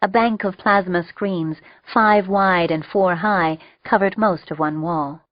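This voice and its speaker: A woman narrating an audiobook with steady, wry storytelling. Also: on the low side, slow, no echo. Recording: dull lo-fi dry recording.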